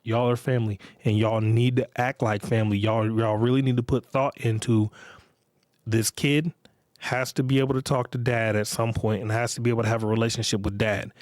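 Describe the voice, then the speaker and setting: A man's voice: medium pitch, flat delivery, brisk, darkish tone, no room sound, studio quality. A middle-aged man hosting a podcast, talking in a blunt, profane, emphatic monologue and often repeating himself. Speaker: podcast host. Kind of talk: casual monologue.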